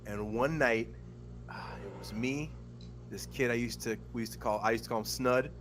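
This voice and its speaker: A man's voice: mid-range voice, moderate pace, slight background noise. A man casually telling a long story on a podcast, swearing often and rambling, with lots of fillers and quoted voices. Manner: profane, rambling, animated when acting out quotes. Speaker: podcast co-host.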